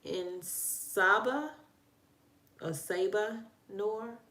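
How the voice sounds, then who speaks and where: A woman's voice: medium pitch, drawn-out words, sharp tone, echoey room. A woman with a Southern country accent, hosting a casual live-stream and chatting with viewers as she greets them one by one. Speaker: livestream host.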